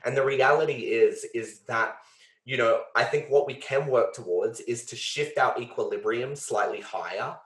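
A podcast host speaks in a medium-pitched, somewhat bright voice at a moderate pace, with a roomy echo on the recording. Earnest and feeling, he thinks aloud through a reflective conversation, using many fillers and the odd swear.

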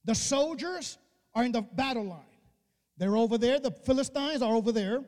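A male preacher giving an emphatic, colloquial sermon, acting out dialogue and rising to shouts. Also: very high voice, animated, moderate pace. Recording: long reverb of a church hall.

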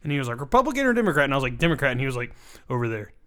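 A man's voice: mid-range voice, fairly even intonation, racing, pushed and bright, clean tone. A man co-hosting a casual podcast, telling a wry story and acting out what people said. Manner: wry, joking, acts out quotes. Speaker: podcast co-host. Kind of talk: casual chat.

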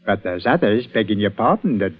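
A superstitious village greengrocer speaks with a husky, rough edge. His voice rises and falls a great deal, and he talks in a folksy, deferential way. The sound is dull and muffled, like an old radio broadcast. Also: lowish voice, big pitch swings, fairly quick. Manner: folksy, deferential, rustic grammar. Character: superstitious village greengrocer and church bell-ringer, man, middle-aged. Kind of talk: 1940s radio acting.

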